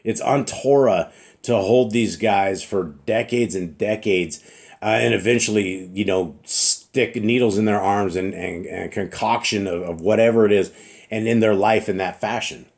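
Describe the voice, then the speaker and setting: Middle-aged man, low-ish voice, earnest informal preacher, throat-clearing, slight cough. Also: measured pace. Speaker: religious teacher.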